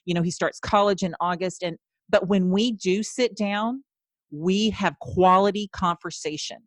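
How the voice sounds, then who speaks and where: A woman's voice: medium pitch, normal speed, no room sound. Earnest woman host, dry close sound. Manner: earnest, storytelling, with frequent restarts. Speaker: podcast host. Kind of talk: casual chat.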